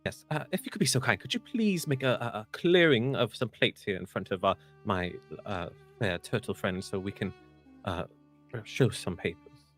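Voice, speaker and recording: A man's voice: lowish voice, normal speed, a bit bright, faint music behind. A man playing a tabletop game, speaking in character with formal, courteous phrasing and small stammers. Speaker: player. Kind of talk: in-character role-play.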